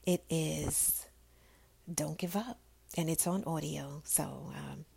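A woman hosting a devotional podcast, speaking softly and often in a breathy half-whisper, recorded on an earphone mic. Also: low voice, slow pace. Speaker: podcast host.

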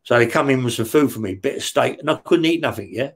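With a husky, mid-range voice, lively intonation and a fast pace, a former prisoner from West London tells his story as an interview guest. His London-accented talk is casual, heavy on swearing, and dotted with "yeah?".

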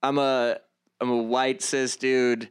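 A man's voice: mid-range voice, little pitch movement, clean tone. A young man, a comedian and activist, talking earnestly in an interview, stopping and restarting his sentences often. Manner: halting, many restarts and fillers, earnest. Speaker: guest, comedian and activist vlogger. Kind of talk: conversational interview.

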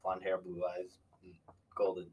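A man's voice: low voice, completely flat delivery, a little slow, dull audio, slight background noise. A young American man in casual chat with friends, joking and laughing often. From United States.

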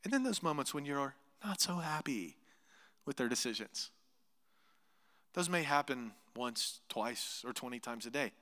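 A man preaching a sermon as pastor, animated, voicing imagined speakers and dropping to hushed asides. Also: medium pitch, measured pace, big-room sound. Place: church sanctuary.

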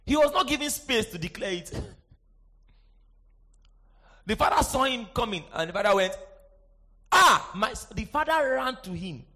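High-voiced preacher shouting and hushing. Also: male voice, animated, moderate pace, long pauses. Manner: dynamic, swings from shouting to hushed asides; asks the congregation for response, sing-song emphasis. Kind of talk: sermon.

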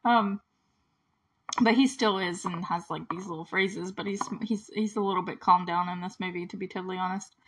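A woman's voice: medium pitch, fairly bright tone. A woman casually recapping a movie, chatty and giggly, full of filler words and acting out the characters' lines.

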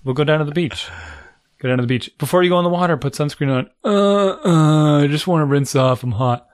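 A middle-aged man chatting casually as a co-host, telling animated stories about his kids and acting out their lines. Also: a little high, brisk, no room sound, studio quality. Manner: animated storyteller, acts out quotes. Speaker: parent and co-host. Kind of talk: casual chat.

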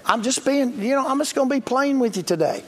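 A pastor with a strikingly high, slightly bright voice preaches an emphatic, plain-spoken sermon at a brisk clip with lively intonation. He calls out for responses and leans into key words, while a large sanctuary's long reverb and a little hiss or hum fill the sound.

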